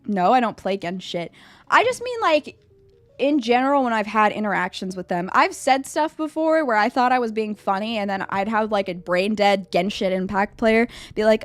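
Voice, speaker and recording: A young woman streaming live, chatting casually with her chat and answering a quiz about herself, animated and at times breaking into loud high squeals. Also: moderate pace, no room sound, faint music behind. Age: young adult. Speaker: VTuber streamer.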